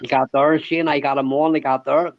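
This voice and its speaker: A man's voice: on the high side, flat delivery, fairly quick, no room sound, muffled recording. A man, hosting a livestream panel and telling stories in rambling, swear-heavy casual banter. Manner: swears constantly, rambling, repeats "they got there".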